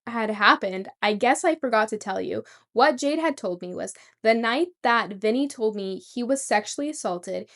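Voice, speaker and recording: A woman's voice: fairly high pitch, a bit bright. A young woman vlogger telling a rambling story and swearing casually. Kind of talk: storytime vlog.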